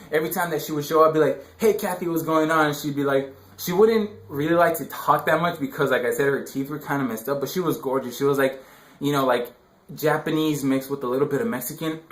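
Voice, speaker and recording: A young man talks through dating advice in a loose, rambling monologue, stacking slang and fillers. His voice sits a little high for a man. The recording has a roomy, echoey sound. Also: fairly bright tone. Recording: roomy echo.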